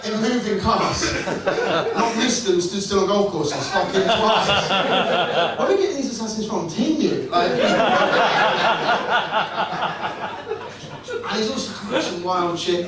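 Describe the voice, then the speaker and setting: With a slow pace, lively intonation, and a voice that sits high, a man tells crude, sweary jokes on a comedy club stage, spinning them wryly like stories. A loud crowd is present. The indoor room is echoey, and the mic is distant and noisy.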